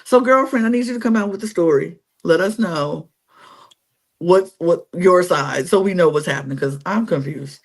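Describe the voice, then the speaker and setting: A woman, co-hosting a podcast in casual chat, opinionated and animated as she acts out what people said. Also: lowish voice, normal speed. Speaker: podcast co-host.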